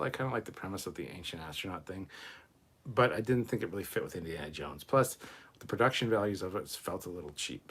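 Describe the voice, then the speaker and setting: This livestream host has a low voice with a breathy edge. Reading his chat aloud, he replies to viewer comments casually, rambling, swearing, and poking fun at himself.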